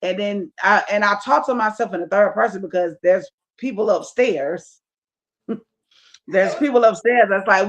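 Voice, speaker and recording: A woman's voice: medium pitch, moderate pace. A woman comedian, a guest on a podcast, talking in a casual, emphatic and profane way and often checking in with "you feel me".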